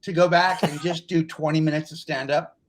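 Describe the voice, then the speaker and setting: A man co-hosting a comedy podcast, joking in a dry, deadpan way and making mock-grand claims. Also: fairly high pitch, brisk, low-quality recording. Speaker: podcast co-host and stand-up comedian. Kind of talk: casual comedy podcast chat.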